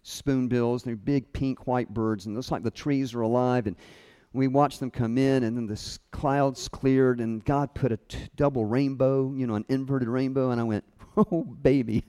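A middle-aged man giving a storytelling sermon, self-deprecating and funny, chuckling often and dropping his voice soft and low at tender moments. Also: fairly even intonation, moderate pace, few pauses, smooth. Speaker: speaker at a college chapel.

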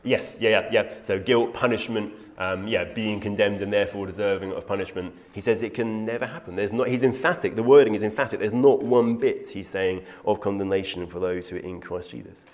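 A man's voice: lowish voice, brisk, few pauses, darkish tone. A man teaching through a Bible passage in an earnest, emphatic way, quoting scripture and taking questions. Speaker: preacher.

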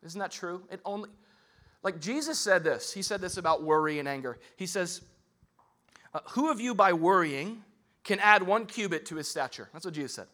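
A male pastor with a high, bright voice delivers a casual sermon. He talks like a friend chatting, full of "like" and "okay?" and quick rhetorical questions. His delivery stays lively and conversational. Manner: conversational and animated, with many fillers and rhetorical questions.

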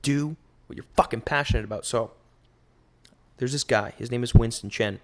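A man hosting a solo podcast, rambling in an animated, profane way into a microphone. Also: medium pitch, normal speed. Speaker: podcast host.

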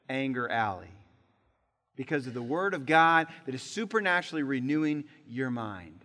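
A man preaching a sermon as pastor, leading the congregation in call-and-response, swinging between loud emphatic peaks and quiet low drops. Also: lively intonation, normal speed. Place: church sanctuary. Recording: long hall reverb.

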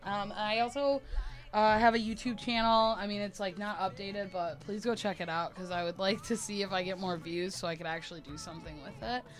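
A woman's voice: mid-range voice, fairly even intonation, brisk, soft background music. A woman comedian guest plugging her social accounts in a joking, self-deprecating way. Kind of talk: casual plug.

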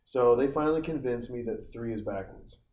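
A man's voice: mid-range voice, normal speed, warm tone. Rambling, profane man in his forties. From Montana, USA. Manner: profane, tangent-prone storyteller. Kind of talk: casual rambling monologue. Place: outdoors on a summer vacation. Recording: roomy sound with faint ambience.

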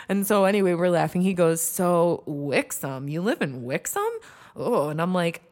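A young woman from Michigan hosting a podcast, telling a story in a chatty, animated way full of "like". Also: lowish voice, moderate pace. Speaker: podcast host. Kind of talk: casual storytelling.

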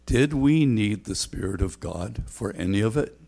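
An older man delivers a sermon with a somewhat low voice. He speaks earnestly and conversationally, stumbling and restarting phrases as he goes. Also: animated, normal speed, creaky, mellow. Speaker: pastor.

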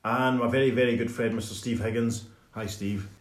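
A man chatting quickly on a podcast with a lowish voice, greeting listeners by name. His voice echoes in a roomy space. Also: steady tone. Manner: fast, friendly shout-outs. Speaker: podcast co-host. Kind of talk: casual chat.

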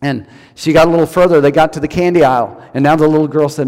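At a church service, a pastor with a slightly high, darkish voice preaches a brisk sermon, telling stories and repeating key lines for emphasis. The sound is that of a big room.

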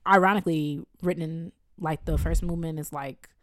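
A woman's voice: low voice, fairly even intonation, brisk, no echo, studio quality. A woman co-hosting a podcast in casual, slangy chat, laughing often. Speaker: podcast co-host.

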